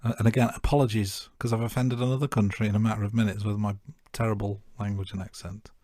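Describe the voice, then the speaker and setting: A man with a fairly low voice talks through a film's scenes in a relaxed, self-deprecating way. The recording is dry and close, with no room sound. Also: fast talker, no echo. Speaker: podcast co-host. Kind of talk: casual film-review chat.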